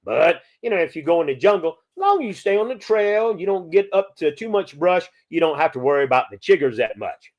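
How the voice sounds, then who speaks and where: Folksy man, high lively voice. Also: a little fast, hardly any pauses, dull audio. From Louisiana. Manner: folksy, peppers talk with "okay?". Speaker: podcast host. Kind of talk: live chat answering viewer questions.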